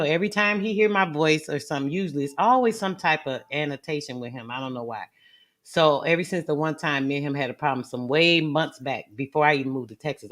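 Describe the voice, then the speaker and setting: A woman casually retelling an online argument, talking in an animated, slangy way that keeps jumping up and down in loudness. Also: sits low. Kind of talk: casual storytelling vlog.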